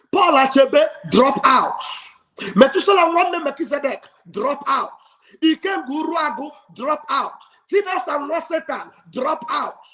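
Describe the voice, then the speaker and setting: A man hosting a livestream, giving a fiery, preacher-like speech full of shouting and call and response. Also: very high voice. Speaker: livestream host. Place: home livestream studio.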